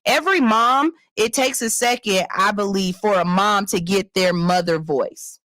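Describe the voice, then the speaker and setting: A woman's voice: medium pitch, a little slow, dry recording. A woman, hosting a radio show, talking bluntly and profanely and reading out a listener's letter. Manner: blunt, profane and animated, slipping into loud mocking voices for her stories. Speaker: radio host. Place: radio studio. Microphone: studio microphone.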